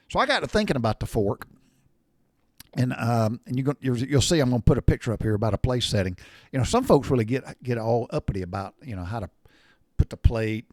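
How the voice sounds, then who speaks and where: An older man with a drawl, spinning loose, rambling stories in a folksy way with the odd mild curse. His voice sits at a middle pitch. It sounds close and dry, with no room around it. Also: no echo. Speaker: storyteller sharing memories. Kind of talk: casual storytelling monologue.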